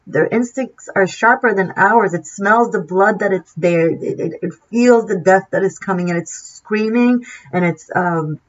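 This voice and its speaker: A woman tarot reader delivers an impassioned, preachy monologue, swearing freely and often restarting her sentences. Her mid-range voice is a little slow with few pauses, and the recording has a dull lo-fi sound.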